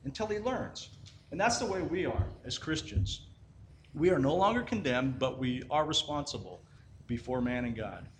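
A man preaches in a loose, conversational way, stopping to ask "right?" and restarting his sentences as he tells a simple parable. His voice sits at an ordinary pitch and carries the ring of a reverberant room, with a faint hum of ambience behind it. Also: expressive, normal speed. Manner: conversational, repeats "right?", frequent restarts and fillers. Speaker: Christian teacher. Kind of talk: informal sermon with a parable.

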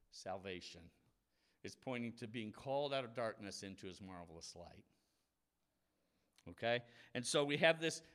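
A man's voice: mid-range voice, a bit bright. A man preaching a conversational Bible lesson, explaining scripture in a casual, explanatory way and acting out the voices of people in the story.

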